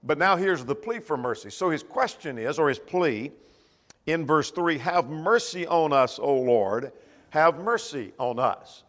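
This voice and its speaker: A man's voice: on the high side, expressive, measured pace, a bit bright, in a large hall. A man teaching a church Bible class in a conversational way, asking the class questions as he goes.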